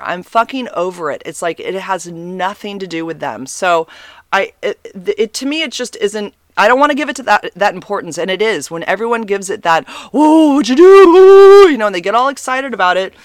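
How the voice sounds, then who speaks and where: Woman, casual confessional monologue, profane, rambling, exasperated, dry close sound. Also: no echo. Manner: candid, profane, rambling with many fillers; exasperated, swings between loud bursts and low asides.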